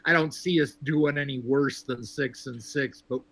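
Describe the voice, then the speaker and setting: A man from Texas calling into a sports show, talking in a measured, wry way with lots of fillers. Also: mid-range voice, fairly even intonation, fairly bright tone. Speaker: caller. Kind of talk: casual sports call-in chat.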